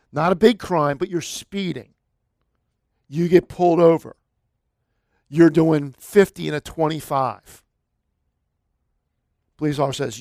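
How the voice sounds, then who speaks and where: A man delivering a sermon with a slightly high voice, talking to the congregation like a conversation and then pushing up into emphatic peaks. The sound is dry and close, with no room echo. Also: darkish tone. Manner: conversational preaching, rising to emphatic bursts. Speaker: pastor.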